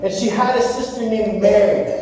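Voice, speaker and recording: A man preaching a sermon as pastor, telling stories and talking to his congregation with animated asides. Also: high-pitched, normal speed, a little hiss or hum. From Canada. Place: church sanctuary. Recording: echoey hall from far off.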